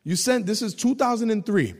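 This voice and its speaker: A man preaching a testimony sermon, telling his story with animated delivery and shouting at high points. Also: fairly quick, in a large hall.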